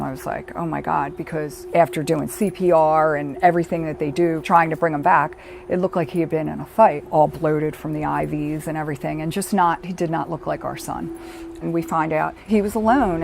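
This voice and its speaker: A middle-aged woman, a bereaved mother, telling her story in a halting, reflective way with pauses. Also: low-pitched, fairly even intonation, gravelly, slight background noise. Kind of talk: personal documentary testimony. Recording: music playing underneath. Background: soft background music.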